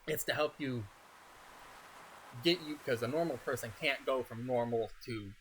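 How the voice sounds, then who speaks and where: A man streaming a game, talking casually in a soft-spoken, rambling way with frequent chuckles. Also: mid-range voice, normal speed, a little hiss or hum. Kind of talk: casual gaming stream chat.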